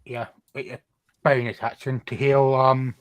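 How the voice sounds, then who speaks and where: A man playing a tabletop role-playing game, speaking hesitantly and pausing with fillers. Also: medium pitch, little pitch movement. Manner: slow, hesitant, with pauses. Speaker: player. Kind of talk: casual tabletop game play.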